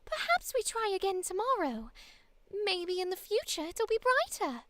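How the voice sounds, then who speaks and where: A woman voicing a gentle, hesitant young princess with a soft, posh British accent, speaking softly and carefully. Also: very high-pitched, big pitch swings, moderate pace, voice pushed up. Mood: gently hesitant.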